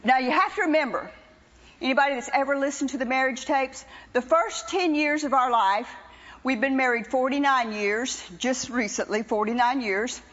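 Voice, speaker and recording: An older woman is preaching a personal testimony to a congregation. Her voice sits high, and she keeps it animated, teasing and wry. The church recording sounds dull and lo-fi. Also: normal speed, long reverb tail. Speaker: preacher's wife giving testimony.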